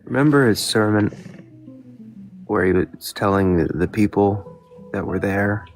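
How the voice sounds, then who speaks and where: A man's voice: lowish voice, measured pace, faint music behind. A man on a live stream asking probing questions about scripture in a casual debate.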